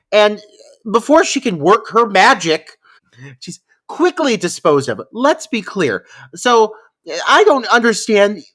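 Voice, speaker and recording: A man's voice: sits high, a bit bright. A man co-hosting a film podcast, joking and self-deprecating in casual chat. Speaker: podcast co-host.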